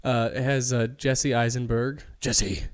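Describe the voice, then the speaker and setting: A man's voice: medium pitch, little pitch movement, unhurried, clean tone. A man co-hosting a podcast in casual chat, telling stories in a rambling way full of fillers, with profane, joking banter. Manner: rambling, loose storytelling with lots of fillers. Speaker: podcast co-host.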